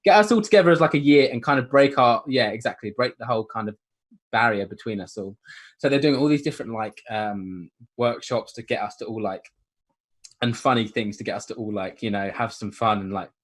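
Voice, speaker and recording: A young man, co-hosting a casual podcast, relaxed, laughing often and trailing off. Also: mid-range voice, fairly quick. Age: young adult. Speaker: podcast co-host. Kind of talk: casual chat.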